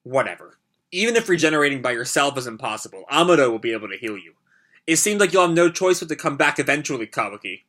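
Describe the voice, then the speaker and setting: A man voicing a cold, scornful young woman villain as he reads manga lines aloud in a low, dismissive way. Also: lively intonation, fast talker, sharp tone. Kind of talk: reading manga dialogue aloud.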